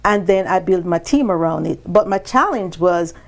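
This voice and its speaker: Against a crowd in the background, this woman guest on a business podcast recounts her story at normal speed, lively and animated, voicing quoted lines with abrupt leaps in pitch.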